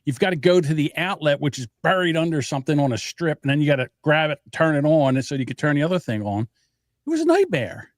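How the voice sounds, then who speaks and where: A man's voice: on the high side, quick pace, hardly any pauses, no echo, clean studio sound. Chatty middle-aged man telling a rambling story. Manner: rambling storyteller who acts out other voices. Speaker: podcast host. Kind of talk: casual chat. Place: home studio.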